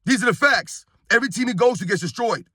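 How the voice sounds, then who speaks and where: A man's voice: very high-pitched, quick pace, pushed and bright, husky, dry recording, studio quality. A man from New York in his thirties, ranting heatedly and bluntly in sports commentary, repeating himself and calling his viewers guys.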